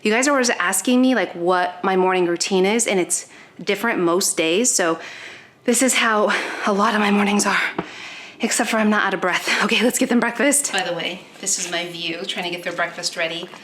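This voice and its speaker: A young woman talks through her morning with her dogs in a casual, chatty vlog voice. She explains each step as she works and slips into sweet baby talk for her pets. Her pitch is mid-range, and a faint hiss and a few clicks sit behind her. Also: a little fast, a bit bright. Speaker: pet vlogger. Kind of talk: casual vlog talk while doing chores. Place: home with dogs.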